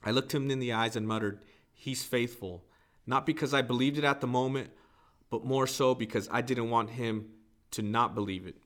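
Male host, mid-pitched, reads a poem and book excerpt in a measured, reflective way. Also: steady tone, a bit bright. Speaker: podcast host.

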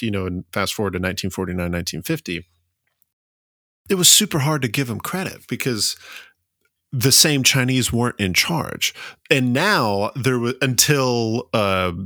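A man's voice: fairly low pitch, pushed and bright, no room sound, clean studio sound. A man with a Southern accent co-hosting a history podcast, explaining in a hesitant way with frequent "um"s. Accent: American Southern. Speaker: podcast co-host. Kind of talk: casual history chat.

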